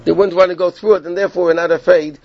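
A man's voice: high-pitched, steady tone, racing, creaky, dry recording. Explanatory male Torah teacher, lo-fi. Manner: explanatory, repeats points and checks in with "okay?". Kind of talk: Torah class, explaining text to students. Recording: dull, lo-fi and dry.

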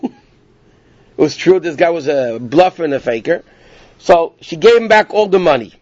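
A man's voice: on the high side, no room sound. Man with a raised voice, dull lo-fi sound. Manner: casual, rambling, self-interrupting. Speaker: Torah class teacher. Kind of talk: informal storytelling lesson. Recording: dull lo-fi dry recording.

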